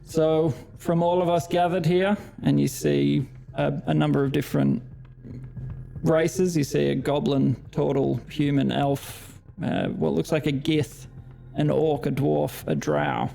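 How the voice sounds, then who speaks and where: Gravelly, slow-talking Australian man. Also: fairly high pitch. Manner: relaxed, hesitant with frequent ums, laughs often. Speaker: dungeon master. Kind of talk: narrating a tabletop game.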